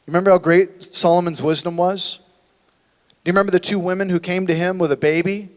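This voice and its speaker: High-voiced pastor preaching in a reverberant hall. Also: male voice, steady tone, fast. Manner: conversational preaching with rhetorical questions. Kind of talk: sermon. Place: church sanctuary.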